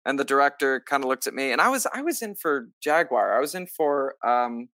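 A man, a stage actor, telling a story in a casual interview, lively and acting out what others said, with lots of filler "like"s. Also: mid-range voice, fairly quick, no echo, studio quality. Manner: animated, acts out quoted lines; many filler likes. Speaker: musical theater actor, guest.

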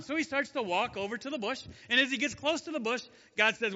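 A man's voice: very high voice, fast, few pauses, bright, forceful tone, dull audio. Chatty male Bible teacher in an echoey hall. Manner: chatty, jokey, asks the audience questions. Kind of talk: casual Bible story lesson.

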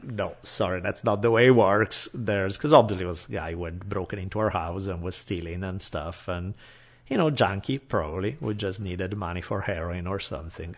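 A man's voice: sits low, moderate pace. A man telling a personal story in casual chat, acting out the people he quotes. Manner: animated, acts out quoted voices.

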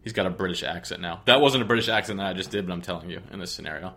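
A man's voice: low voice, very fast, pushed and bright. A man hosting a sports podcast, chatting casually with a sarcastic, rambling, joking manner. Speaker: podcast host.

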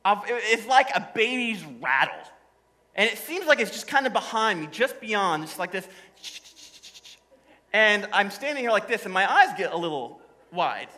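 Guy preaching at church, high voice, bright and punchy, chatty and funny with it. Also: very animated, normal speed, poor audio. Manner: humorous, conversational storytelling. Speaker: pastor. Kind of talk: sermon. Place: church service before a congregation.

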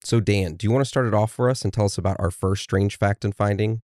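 A man's voice: fairly low pitch, quick pace, darkish tone, no echo, studio quality. A man co-hosting a podcast in casual chat, steering the episode and reading from notes. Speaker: podcast co-host.

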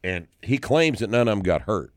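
A man in his sixties with a very low voice talks through his favorite films in a loose, rambling way, restarting his sentences often. When he gets going he turns loud and indignant. The sound is dry and close, with almost no room around it. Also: sing-song, normal speed, no echo. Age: 60s. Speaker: podcast host. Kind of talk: casual chat about movies.

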